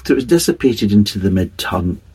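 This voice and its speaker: A man's voice: lowish voice, big pitch swings, fairly quick, warm tone, breathy edge, rough recording. A man giving a casual, rambling beer tasting review, hedging and restarting his sentences as he describes the flavours.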